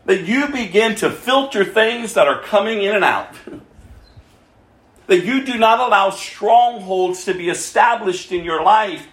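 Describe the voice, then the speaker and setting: Male pastor preaching, impassioned, high-pitched and very lively, fires rhetorical questions, echoey room. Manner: impassioned, rhetorical questions, swings from loud to hushed. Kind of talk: sermon.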